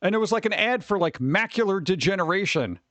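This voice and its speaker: Rambling high-voiced middle-aged man. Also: lively intonation, fairly quick, fairly bright tone, no echo. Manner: rambling, loose, swears a lot, acts out quoted people; over-caffeinated. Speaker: streamer host. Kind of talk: casual rambling chat with viewers.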